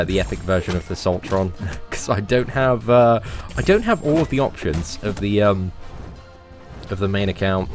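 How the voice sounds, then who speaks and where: A chatty young man, lower-pitched than most, riffs through a game live stream in loose, slang-heavy talk. He keeps addressing viewers as his mates while he plays, with faint music running underneath. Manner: animated and chatty, heavy slang, calls viewers mate and lads. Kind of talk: casual live-stream commentary.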